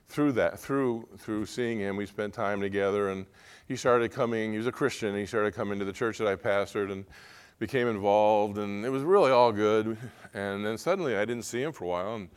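A middle-aged male pastor preaching a sermon, earnest, moving between quiet confiding talk and loud, emotional pleading. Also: on the low side, clear, resonant tone.

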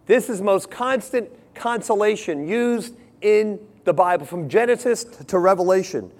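A man preaching a sermon, earnest, moving between hushed lines and emphatic ones. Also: sits high, animated, measured pace, hardly any pauses.

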